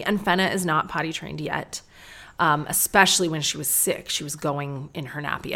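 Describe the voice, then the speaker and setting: A woman's voice: low voice, fairly bright tone. A woman in her thirties hosting a casual solo podcast from her studio, talking bluntly and chattily, with swearing and quoted asides. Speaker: podcast host. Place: podcast studio with the doors open.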